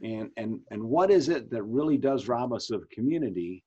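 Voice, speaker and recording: A pastor in his fifties leads a Bible study over a video call, talking casually and putting questions to the group. His voice is a bit husky, and the muffled, lo-fi call audio dulls it further. He often stops and restarts his sentences. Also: mid-range voice, animated, normal speed, mellow. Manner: conversational, asks questions, frequent restarts. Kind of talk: leading a Bible study discussion.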